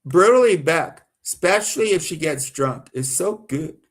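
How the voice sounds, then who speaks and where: A man's voice: on the high side, lively intonation, normal speed, gravelly. A man from the American South doing rambling live-stream commentary, repeating himself and getting worked up and indignant.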